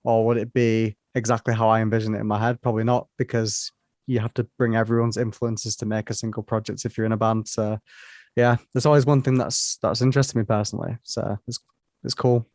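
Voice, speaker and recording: A man's voice: fairly low pitch, flat delivery, a little fast, darkish tone, no room sound. Male co-host, rambling and chatty, recorded dry. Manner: rambling, chatty, lots of "you know". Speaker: podcast co-host. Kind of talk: casual podcast chat.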